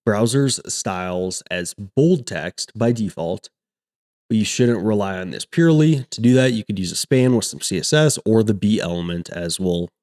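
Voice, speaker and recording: Guy walking thru a coding lesson, kinda low voice, calm and steady. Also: normal speed. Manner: steady explanatory, reads examples aloud. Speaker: coding tutor. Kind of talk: screen-recorded coding lesson.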